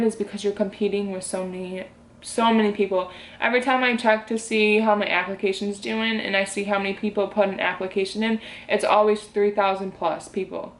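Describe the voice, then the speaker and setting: A young woman speaks to her camera in a rambling, heartfelt way, full of fillers. Her pitch stays fairly level, with little rise and fall. The voice carries a noticeable echo from a room at home. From Michigan. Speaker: vlogger. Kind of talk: casual talk to camera. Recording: roomy echo.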